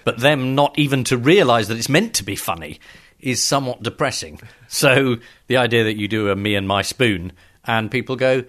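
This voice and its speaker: A man's voice: mid-range voice, normal speed, a bit bright. Weary, sardonic male editor. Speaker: magazine editor. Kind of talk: conversational podcast chat.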